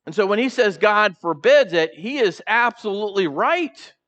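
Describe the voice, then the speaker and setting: A male pastor preaching a sermon, animated, acting out the characters' voices and putting questions to the congregation in a church. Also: high-pitched, moderate pace, muffled recording. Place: church sanctuary.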